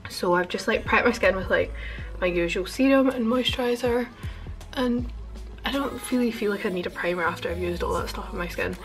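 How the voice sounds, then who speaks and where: A woman's voice: mid-range voice, sharp tone. Chatty young woman vlogging in her attic. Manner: fast, chatty, self-deprecating with fillers. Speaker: beauty vlogger. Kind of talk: casual get-ready-with-me chat. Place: attic bedroom. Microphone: camera on boxes at bed's end.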